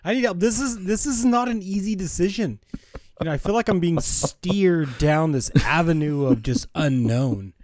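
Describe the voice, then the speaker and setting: Brief: slightly high male voice, animated and stammering, dry close sound. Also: moderate pace, dry recording. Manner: hesitant, laughing, stammering restarts. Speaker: podcast co-host. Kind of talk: casual chat.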